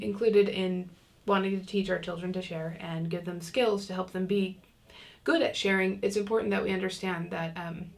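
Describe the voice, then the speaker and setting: A woman teaching an online parenting class in a chatty, casual way, acting out what parents and kids might say. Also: mid-range voice. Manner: chatty, many fillers, acts out kids' lines.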